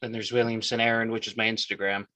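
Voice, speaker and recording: Bright-voiced voice actor chatting. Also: male voice, on the low side, level tone, fast talker, no echo. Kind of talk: casual group chat.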